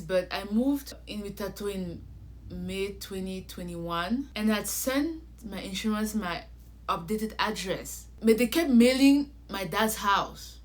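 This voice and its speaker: A young woman vlogger telling a personal story in a casual, animated way, acting out conversations and talking straight to her viewers. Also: mid-range voice. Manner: animated, acts out conversations, addresses viewers directly.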